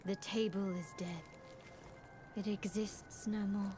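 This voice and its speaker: An actress voicing a grave figure in a dark fantasy game trailer, speaking in a solemn, measured way. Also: female voice, mid-range voice, little pitch movement, husky, dry recording. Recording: game trailer audio under loud music. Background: music.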